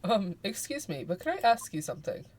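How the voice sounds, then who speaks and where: A woman's voice: mid-range voice, sing-song, fairly quick, background noise, close to an everyday voice. A woman voicing an earnest young male lawyer who asks his questions politely and a little hesitantly.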